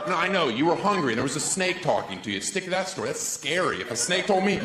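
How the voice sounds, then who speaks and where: A man in his thirties performing a stand-up comedy set on stage with a handheld mic, sarcastic, with deadpan asides. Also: a little high, fairly quick. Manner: sarcastic, deadpan asides, swoops into silly voices. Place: comedy stage before a live audience. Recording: echoey room, crowd laughter, background noise.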